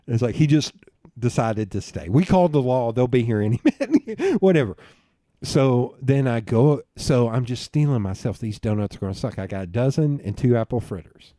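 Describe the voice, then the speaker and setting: Dark-voiced man telling a rambling story. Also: medium pitch, lively intonation, moderate pace, dry recording, clean studio sound. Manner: rambling, profane, laughing storyteller. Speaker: podcast guest. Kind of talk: casual storytelling chat.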